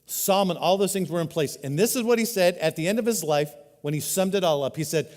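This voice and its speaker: A man preaching a sermon as a pastor, earnest, swinging between loud emphatic peaks and quiet, dropped-down lows. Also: quick pace, hardly any pauses. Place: church hall. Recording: live hall reverb.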